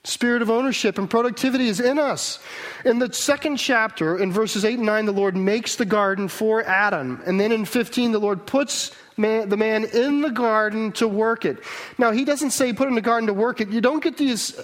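A man's voice: high-pitched, normal speed. A man preaching a sermon on Genesis, earnest and emphatic, working through verses and asking rhetorical questions.

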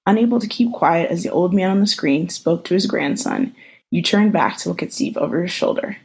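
A woman co-hosting a podcast over a video call, reading a fan story aloud in an even, unhurried way. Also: lowish voice, husky, poor audio. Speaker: podcast co-host.

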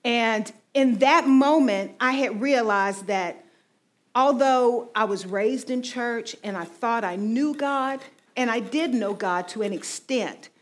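Woman in her forties sharing a testimony. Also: a little high. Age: 40s. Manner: conversational storytelling, frequent "you know". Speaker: ministry team speaker. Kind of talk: personal faith testimony.

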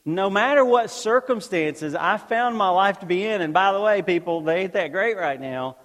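High-voiced pastor preaching in a reverberant hall. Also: male voice, expressive, moderate pace, a bit bright. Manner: conversational preaching with rhetorical questions to the congregation. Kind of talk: sermon.

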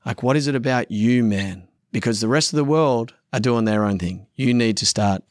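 A man's voice: mid-range voice, normal speed, dry recording, clean studio sound. A man in his thirties co-hosting a podcast. He talks bluntly, swears freely and calls the listener "man". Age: 30s. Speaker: podcast co-host. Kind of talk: casual conversational podcast.

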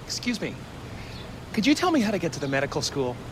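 An actor playing a polite visiting lecturer asking for directions, chatty and joking. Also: male voice, on the high side, wildly swooping pitch, quick pace. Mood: amused. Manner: chatty, amused, laughs at own jokes. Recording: film clip with street traffic noise.

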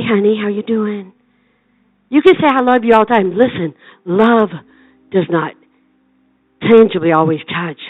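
Heard through narrow, tinny audio, a mid-range female voice belongs to an older evangelist whose fervent preaching swells into rhythmic, repeated shouted calls.

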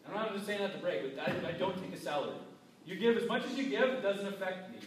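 A man's voice: high voice, animated, fast talker, a little hiss or hum. A man preaching a sermon as pastor, talking casually and acting out quoted people. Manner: conversational preaching, acts out quotes. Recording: echoey hall from far off.

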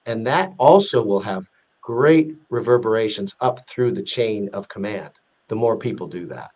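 A man's voice: fairly low pitch, expressive, normal speed, darkish tone, dull audio. A man in a casual interview, earnestly explaining a ratings database with many restarts. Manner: earnest, explanatory, with frequent restarts and acted-out example quotes. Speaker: guest explaining a corporate risk rating database.

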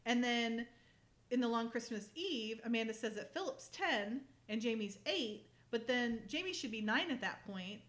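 A woman casually recapping a TV episode with a friend, chatty and quick to laugh, often acting out the characters' lines. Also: fairly high pitch, lively intonation, a bit bright. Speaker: podcast co-host recapping a TV episode. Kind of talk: casual chat.

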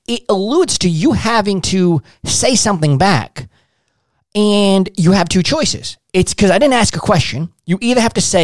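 A man giving sales advice in a loose, profane style, his pitch swinging widely as he acts out both sides of his stories. The sound is dry and close, with no room around it. He is blunt and direct. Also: expressive, a little slow, no echo. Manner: blunt, swearing, acts out dialogues. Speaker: sales trainer.

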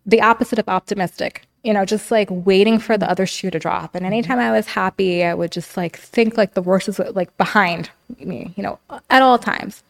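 A woman's voice: mid-range voice, a little fast, vocal fry, hardly any pauses. A young adult woman, a podcast guest, candidly telling her story in casual talk, often saying "like" and "you know". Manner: frequent "like" and "you know", reenacts quotes.

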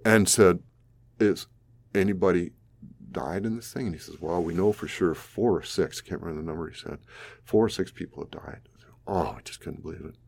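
A man's voice: low-pitched, brisk, vocal fry, a little mellow, breathy edge. A man in his sixties from South Dakota, telling a vivid personal story with an occasional chuckle. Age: 60s. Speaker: flood survivor interviewee.

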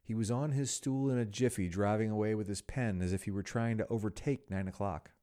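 A man narrating a classic story as a podcast host, expressive with wry asides. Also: on the low side, fairly quick.

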